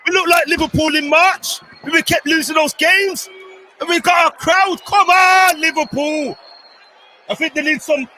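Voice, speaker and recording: A man co-hosting a live fan watchalong stream, agitated and often shouting at the game as it unfolds. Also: extremely high pitch, moderate pace, a faint crowd, slight background noise. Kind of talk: live match watchalong chat.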